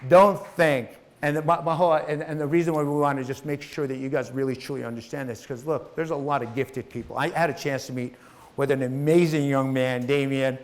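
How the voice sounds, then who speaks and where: A man's voice: medium pitch, steady tone, a little fast. Middle-aged male motivational speaker, punchy and repetitive, talks right at the crowd. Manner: emphatic, repetitive, addresses audience directly. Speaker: guest speaker. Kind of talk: motivational stage talk. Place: event hall with live audience.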